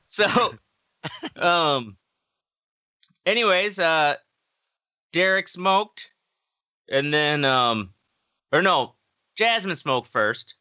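A man's voice: fairly high pitch, lively intonation, very slow, pauses often, sharp tone, clear, resonant tone, highs cut off. Rambling man telling a story. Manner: rambling, laughing, lots of fillers. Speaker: podcast co-host. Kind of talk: casual storytelling.

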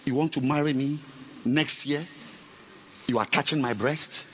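A male pastor preaching a sermon, swinging between soft talk and sudden loud shouting. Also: mid-range voice, fairly even intonation, measured pace, dull audio, slight background noise.

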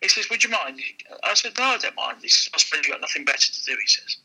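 A man's voice: a little high, very fast, slightly rough, low-quality recording. A man, a used car dealer, telling a casual anecdote and acting out the people in it. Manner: lively, acts out the people in his stories.

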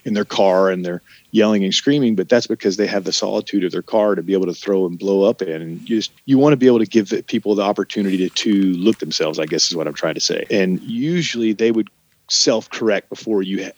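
A man's voice: low voice, fast talker, a little mellow, dry recording, highs cut off. A man talking casually and candidly about managing restaurant staff, rambling and swearing now and then. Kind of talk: casual conversation.

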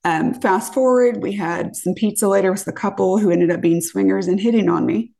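Gravelly woman telling a wild story. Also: medium pitch, fairly quick. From California. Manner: animated, acts out quotes, swears freely. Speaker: podcast guest. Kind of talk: casual storytelling.

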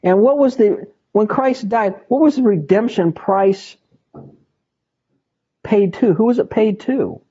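A man's voice: high voice, slow pace, mellow, breathy edge. A man teaching a Bible study in an emphatic way, repeating words for stress. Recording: dull lo-fi recording.

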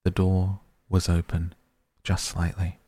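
Man, storybook narrator, very low voice, husky, slow and measured reading. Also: completely flat delivery, warm tone, no room sound.

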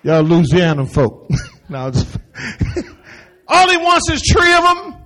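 A man preaching a sermon, animated and folksy, with quick asides to the congregation and acted-out quotes. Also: extremely high pitch. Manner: acts out voices of the people he quotes. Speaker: pastor.

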